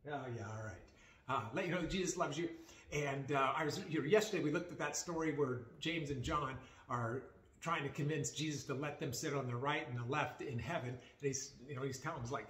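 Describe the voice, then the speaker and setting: A man's voice: a little high, a little fast, fairly bright tone. Folksy pastor man in a roomy space. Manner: conversational, folksy, with frequent fillers. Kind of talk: casual daily devotional talk. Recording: roomy echo.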